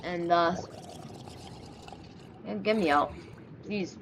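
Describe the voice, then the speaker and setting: A woman's voice: fairly low pitch, slow pace, noisy background. A woman casually commenting on her gameplay, playfully talking to the characters on screen and pleading with them in mock panic. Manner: playful, talks to game characters, yelps and mock pleas. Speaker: gaming video creator.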